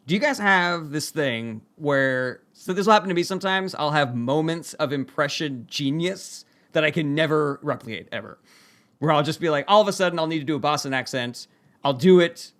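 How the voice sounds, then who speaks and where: A man's voice: fairly high pitch, normal speed, fairly bright tone. A man in casual podcast chat, rambling and self-mocking as he talks.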